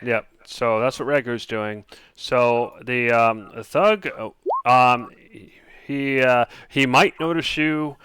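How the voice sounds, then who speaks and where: A man narrating a tabletop game as game master, halting often with ums and uhs. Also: medium pitch, fairly bright tone, clean tone, dry recording.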